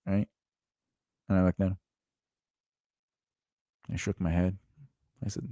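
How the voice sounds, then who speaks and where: A man's voice: lowish voice, animated, unhurried, long pauses, warm tone, no room sound, clean studio sound. A man co-hosting a podcast, telling a story in casual chat. He acts out the quoted dialogue and laughs often as he goes. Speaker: podcast co-host.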